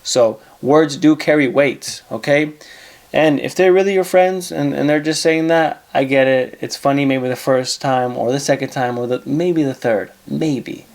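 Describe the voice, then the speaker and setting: A man's voice: medium pitch, unhurried, darkish tone. A man hosting an advice show, talking casually in a blunt, profane way and repeating himself for emphasis.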